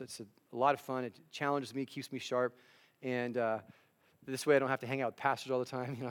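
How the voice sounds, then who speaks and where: A man gives a sermon in an earnest, talky way. He often trips over his words and starts his sentences again. His voice sits at a middling pitch. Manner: earnest, conversational preaching with many restarts. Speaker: district superintendent and chaplain preaching.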